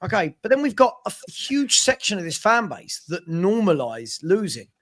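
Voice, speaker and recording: Man, podcast co-host, high voice, very lively pitch, exasperated, rhetorical. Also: normal speed. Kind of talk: casual football fan chat.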